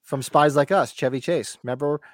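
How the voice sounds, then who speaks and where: A man co-hosting a podcast in casual chat, telling stories in an animated way. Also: on the high side, brisk, dry recording, studio quality. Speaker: podcast co-host.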